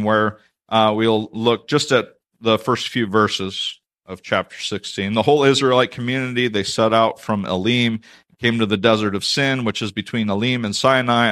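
Low-voiced man preaching a relaxed sermon. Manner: conversational, self-deprecating asides. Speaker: pastor. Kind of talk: sermon, reading and explaining scripture.

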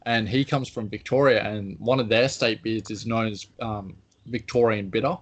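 A man's voice: fairly low pitch, steady tone, normal speed. A man with a Queensland Australian accent, co-hosting a podcast in a rambling, self-deprecating casual chat. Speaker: podcast co-host.

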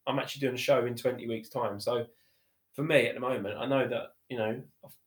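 A man's voice: mid-range voice, steady tone, brisk. A man, a podcast guest telling his story in a chatty, rambling way with many fillers. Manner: chatty, repeats himself, many fillers like "you know" and "literally". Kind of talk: casual conversational storytelling. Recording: roomy echo.

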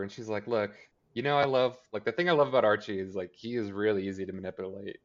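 A man's voice: on the low side, steady tone, quick pace, muffled recording. A man co-hosting a podcast, recapping a TV episode in casual chat and acting out the characters' lines. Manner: rambling, filler-heavy, acts out character lines. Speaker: podcast co-host.

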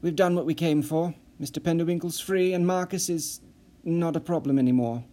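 A man's voice: fairly even intonation, fairly quick, dark tone, lightly acted. A man reading an audiobook, voicing a nervous, eager man who gushes and talks in a breathless tumble. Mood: pleading. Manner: breathless, tumbling, high-strung. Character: anxious eager middle-aged man, gushing.

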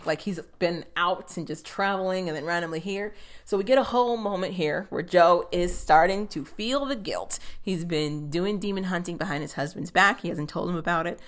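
A young woman recaps a TV episode in a casual, chatty way. Her pitch swings all over the place as she talks. She swears freely and keeps popping into quick voices for the characters.

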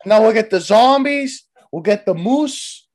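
High-voiced man hosting a loud, profane podcast. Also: animated, measured pace. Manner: loud, profane, joking banter. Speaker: podcast host. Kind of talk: casual comedy podcast chat.

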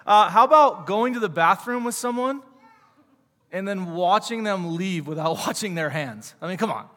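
A man's voice: sits high, expressive, normal speed, a bit bright. A man in his thirties teaching a casual sermon in church, chatty and joking, with many fillers and questions to the audience. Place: church sanctuary. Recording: long hall reverb.

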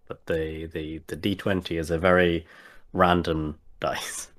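A man with a very low voice talks casually about tabletop games. He hesitates often, piling up fillers and restarting his sentences as he thinks aloud. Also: level tone, measured pace. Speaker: podcast guest.

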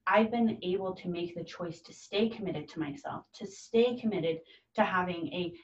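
A woman's voice: fairly low pitch, normal speed. A woman in her thirties talking earnestly and from the heart in a casual conversation, acting out the voices of the people she quotes. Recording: dull, distant, echoey room.

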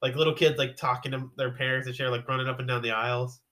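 A young man speaks fast in a bright voice. His speech is full of fillers and restarts. He sounds like someone chatting casually with a friend. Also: mid-range voice, flat delivery. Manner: quick, filler-heavy casual talk. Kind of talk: casual chat.

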